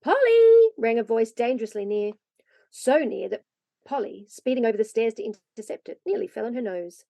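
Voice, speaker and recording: A woman narrating a classic children's story aloud in a lively, expressive way. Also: on the high side, fairly quick, vocal fry, no echo. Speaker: reader.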